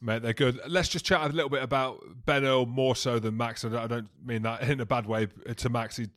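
A man's voice: medium pitch, fairly even intonation, brisk, a bit bright. A man co-hosting a podcast, chatting casually with laughing banter. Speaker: podcast co-host.

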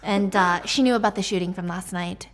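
Speaking a little fast in a mid-range voice, this book recap creator, a young woman, chats her way through a novel's storyline. Her casual recap is loaded with fillers and slang-tinged side comments.

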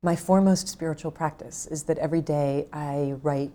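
A woman's voice: low-pitched, fairly even intonation, normal speed. A middle-aged woman author talking earnestly and intimately about self-compassion in a casual conversation. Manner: earnest, warm, gently intimate. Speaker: author guest.

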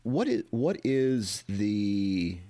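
A man hosting a casual interview, talking in a relaxed way and summing up what his guest said. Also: lowish voice, extremely slow, dry recording. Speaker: podcast host.

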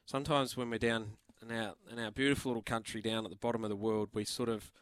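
A man's voice: on the low side, flat delivery, fast talker, dry recording. A man with a New Zealand accent co-hosting breakfast radio, talking things through thoughtfully. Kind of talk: casual radio chat. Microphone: studio mic.

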